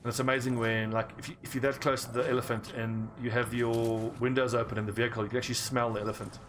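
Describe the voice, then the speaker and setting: A man's voice: mid-range voice, level tone, fast, background noise. A man with an English South African accent, chatting casually and rambling while he plays a game. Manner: rambling, chatty, laughs easily. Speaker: gaming streamer. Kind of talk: casual chat over gameplay.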